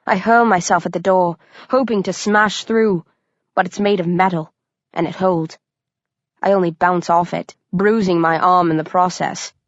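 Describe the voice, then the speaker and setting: A woman's voice: fairly low pitch, steady tone, normal speed, no room sound. A woman reading a first-person thriller audiobook, with tense, vivid storytelling. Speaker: audiobook narrator. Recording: dry, dull lo-fi recording.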